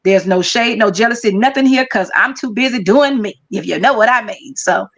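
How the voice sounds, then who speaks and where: A woman speaking as a guest in a casual online chat, lively and slangy. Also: fairly high pitch, fairly quick.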